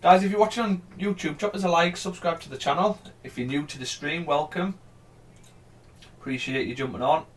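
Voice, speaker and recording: A man's voice: a little high, a little fast, slight background noise. A man giving casual, rambling commentary on a live trading stream. He chats freely, swears now and then, and urges the price on as he goes. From England.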